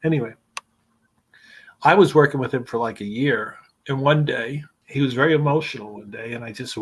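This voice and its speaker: Podcast guest: male storyteller, husky, swears freely, rambles through anecdotes. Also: medium pitch, a little fast. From New York. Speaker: guest, screenwriter. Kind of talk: casual storytelling.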